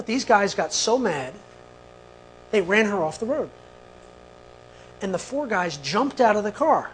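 A man with a slightly higher voice tells a long personal story to a live audience. He talks in an animated way and keeps turning to the listeners with quick asides. A faint hum sits under the recording. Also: low-quality recording. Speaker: speaker.

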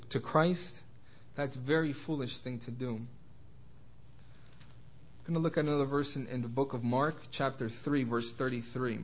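A young man teaching an informal Bible study sermon, stumbling over words and restarting often, slowing down to stress quoted scripture. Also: medium pitch. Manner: halting, many restarts and repeated words.

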